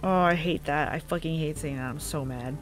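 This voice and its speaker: A woman's voice: low-pitched, fairly quick, music in the background. A woman playing a video game and commenting bluntly, with sarcasm and frequent swearing. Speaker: gaming video creator. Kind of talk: let's play commentary.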